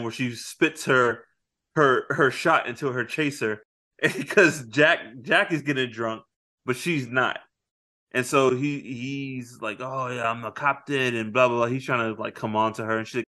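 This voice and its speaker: A man's voice: medium pitch, pushed and bright. Man retelling a movie, acting out lines. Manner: retells scenes, acting out lines in quick voices. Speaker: podcast co-host. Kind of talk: casual movie review chat.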